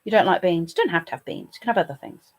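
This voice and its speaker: A woman's voice: lowish voice, expressive, rapid-fire, gravelly. A British woman hosting a casual live stream, chatting playfully with her viewers. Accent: British English. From England.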